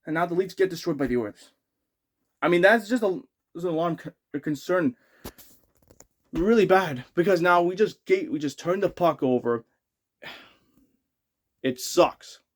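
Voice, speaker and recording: Man, fairly high voice, frustrated sports fan rant, rambling, stops and restarts. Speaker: hockey fan vlogger.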